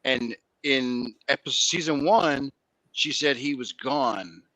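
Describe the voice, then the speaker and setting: Bright-toned man in a dry close mic. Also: medium pitch, slow pace, no echo, poor audio. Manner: animated, lore-minded storytelling. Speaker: podcast co-host. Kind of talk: casual review chat.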